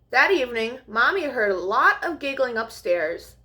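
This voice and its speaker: A young woman reading a picture book aloud as a storyteller, in an expressive sing-song way. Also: high voice, moderate pace, hardly any pauses.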